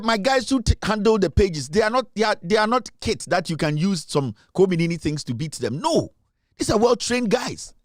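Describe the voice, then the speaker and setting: A Ghanaian man runs his commentary show in a high, lively voice. He presses every point, repeats himself for force and slides between English and Twi. The sound is dry and close. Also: dry recording. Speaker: show host.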